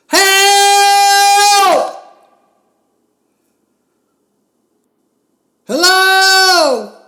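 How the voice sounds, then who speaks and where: An older man hosting a podcast, telling a solemn personal story in a slow, grave way with long pauses. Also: on the low side, gravelly. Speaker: podcast host.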